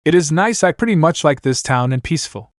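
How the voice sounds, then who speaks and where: Reading fan fiction aloud, a man voices a polite, poised young female knight, pitching above his own voice into a fairly high register. He sounds content, animated and lightly acted, speaking a little fast, in a studio-quality recording with no room sound.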